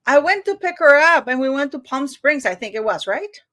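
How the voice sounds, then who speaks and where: A woman's voice: sits high, very animated, fairly quick, fairly bright tone, dry recording. Chatty woman hosting a live stream. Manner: chatty, repeats herself, fumbles with screen-sharing. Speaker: livestream host. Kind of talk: casual live-stream chat.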